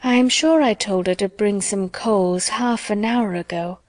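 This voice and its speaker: A woman's voice: mid-range voice, measured pace, dry recording, natural voice. Woman doing a fussy, anxious mother from a storybook, fretful and talkative. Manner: fretful, chattering.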